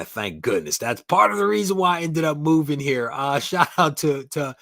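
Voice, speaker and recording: A man's voice: fairly high pitch, animated, normal speed, vocal fry, few pauses, sharp tone, no room sound, studio quality. A man hosting a comic collecting live stream, chatting casually, greeting viewers by name and laughing often.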